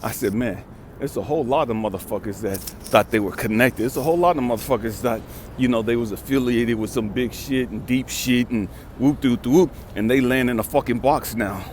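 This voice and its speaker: A man's voice: mid-range voice, a little fast, darkish tone, a little hiss or hum. A man in his fifties from California, telling a blunt, profane story with emphatic repetition as a vlogger and life coach. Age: 50s. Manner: emphatic, street-talking, repeats for stress.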